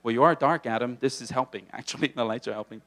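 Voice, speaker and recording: Working a small comedy room with a handheld stage mic, this fast-talking comic from Hawaii keeps things animated and playful. He repeatedly drops into goofy character voices, including a booming movie-trailer voice.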